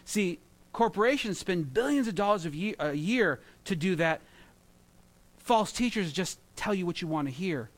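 A man in his thirties preaching a sermon, telling animated stories with jokes and mimicry. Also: high-pitched, normal speed. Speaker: pastor.

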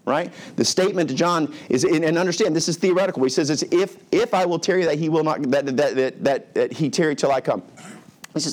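A man's voice: fairly high pitch, brisk. A middle-aged man preaching a verse-by-verse sermon as pastor, talking in a casual, conversational way and briefly acting out the voices of the people he describes. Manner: conversational, acts out characters' lines. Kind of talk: expository sermon.

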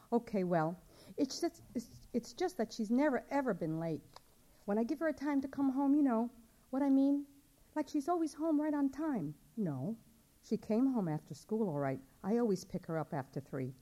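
A woman's voice: medium pitch, dark tone, lightly acted. A woman voicing a worried young mother asking around for her missing daughter, polite and pleading. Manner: anxious, polite, pleading questions.

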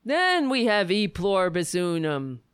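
A woman's voice: mid-range voice, sing-song, a little slow, clear, resonant tone, dry recording, studio quality. A woman comedian giving sarcastic, mocking commentary.

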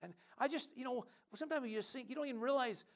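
A man preaching a sermon as pastor, reading scripture aloud and moving from conversational asides to loud emphatic bursts while calling for amens. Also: very high voice, quick pace, creaky.

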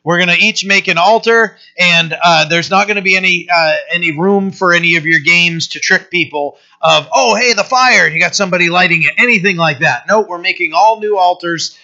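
A man's voice: high-pitched, fairly even intonation, fairly quick, few pauses, bright, forceful tone. A man preaching a conversational sermon, often restarting his phrases and checking in with "right?". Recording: dull lo-fi recording.

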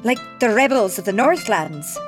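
A woman's voice: fairly high pitch, lively intonation, normal speed, over music, close to an everyday voice. A woman playing a cheeky bar wench. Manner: cheeky, familiar. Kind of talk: comedy audio drama.

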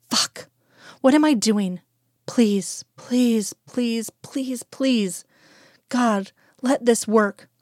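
A woman's voice: fairly high pitch, no room sound, clean studio sound. A woman reading a wry, anxious woman agent. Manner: pleading, whispering, then wry and tart. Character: dry-witted woman agent, anxious and stubborn.

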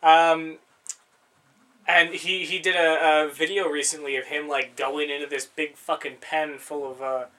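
A man's voice: a little high, level tone, measured pace, sharp tone. A man in casual chat, rambling through stories, swearing freely and laughing often.

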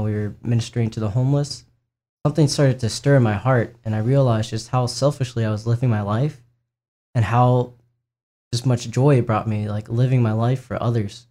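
A young man speaks at a middle pitch, his tone mellow and warm. He tells his personal testimony casually and earnestly, with frequent fillers and self-corrections. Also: fairly even intonation, fairly quick. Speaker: speaker sharing his faith and vocation story.

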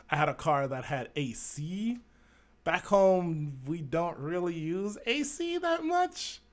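A man's voice: a little high, fairly bright tone. A man in his thirties from Jamaica, hosting a podcast in a candid, blunt monologue with frequent fillers. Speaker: podcast host. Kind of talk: casual monologue.

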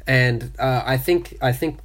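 The voice is a man of middle pitch talking through scripture on a podcast, relaxed and chatty. He reads short verses aloud and then unpacks them in plain words, trailing off with "uh" and "you know" as he thinks. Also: a little slow. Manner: explains and reads verses conversationally with fillers. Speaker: podcast host. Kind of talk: casual Bible study discussion.

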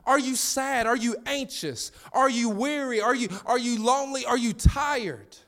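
A man's voice: very high voice, a bit bright, pitched above the performer's own voice. A man voicing God as a reassuring heavenly father who eagerly offers to take people's burdens. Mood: eager, coaxing. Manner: coaxing, repeating offers in quick bursts.

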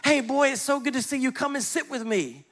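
A man voicing a generous storybook tree, lifting his voice high and eager, then hushed and sad. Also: animated, normal speed.

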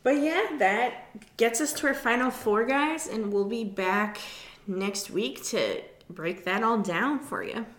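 A woman co-hosting a casual recap podcast, relaxed and giggly, with many fillers. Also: on the high side, takes it slowly, roomy sound. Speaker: podcast co-host.

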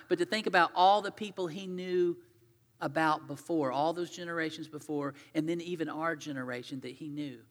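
A man's voice: a little high, fairly bright tone, in a large hall. A man preaching a sermon as pastor, earnest and conversational as he retells scripture in his own words.

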